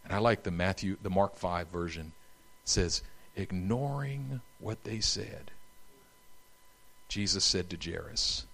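A man preaching a sermon, telling the story in an animated, humorous way. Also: sits low, unhurried, gravelly.

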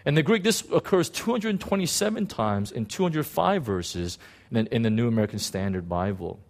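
A man preaching a sermon in an animated way, acting out biblical figures, with frequent restarts. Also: medium pitch, moderate pace. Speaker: pastor.

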